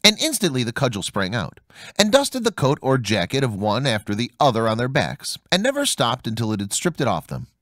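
A man narrating a fairy tale as an audiobook, reading with a very animated delivery and big pitch swings on the dialogue. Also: brisk, no room sound, clean studio sound. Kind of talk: storybook narration.

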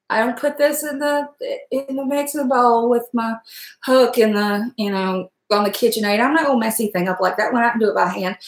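Chatty middle-aged woman, cooking vlogger, higher voice, echoey home kitchen. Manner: chatty, rambling, talks to viewers by name. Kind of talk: casual chat while cooking.

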